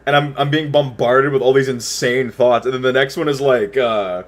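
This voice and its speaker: A man's voice: medium pitch, fairly even intonation, moderate pace. Rambling man telling a story. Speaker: livestreamer. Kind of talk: casual storytelling while chatting with viewers.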